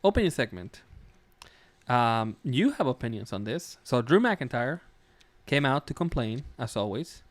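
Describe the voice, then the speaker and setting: A man hosting a casual podcast chat, talking loosely with plenty of "um"s and easy laughter. His voice sits at an average pitch. It is recorded close and dry, with no room sound. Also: very animated, unhurried, dry recording. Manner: loose, laughing often, many fillers. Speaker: podcast host.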